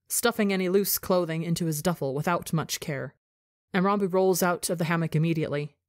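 A woman narrating a fan fiction story for a podcast, an intimate, expressive reading. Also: fairly low pitch, no room sound, studio quality. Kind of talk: scripted narration.

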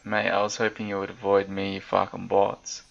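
A man's voice: deep voice, completely flat delivery, normal speed, vocal fry, lo-fi sound. A man with an Australian accent, insulting other players nonstop in an online game's voice chat. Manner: insulting, swearing constantly. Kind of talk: abusive trash talk in voice chat. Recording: game voice chat over loud music.

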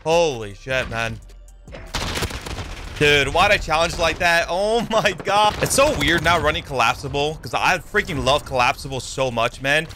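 A young man giving excitable live commentary over his own gameplay, yelping and swearing as the fights heat up. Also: on the high side, a little slow, music in the background. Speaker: gaming YouTuber. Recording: game gunfire loud under the voice.

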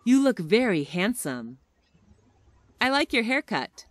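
A woman reading short everyday English phrases one by one for listening practice, with careful, expressive enunciation. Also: on the high side, unhurried.

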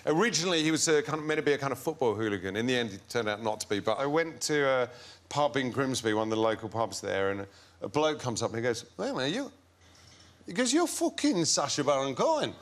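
A man telling comic stories as a guest on a chat show, playing the people in them in an animated way. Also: medium pitch, fast talker. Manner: animated storyteller doing the voices of people in his stories.

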